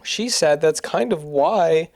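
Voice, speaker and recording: A podcast co-host in casual chat, curious and quick with questions. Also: mid-range voice, darkish tone, no echo, clean studio sound. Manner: curious, keeps asking questions.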